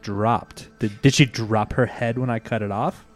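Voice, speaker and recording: A man's voice: fairly low pitch, steady tone, unhurried, soft background music. A man in a casual tabletop game session, talking in a blunt, matter-of-fact way. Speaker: player.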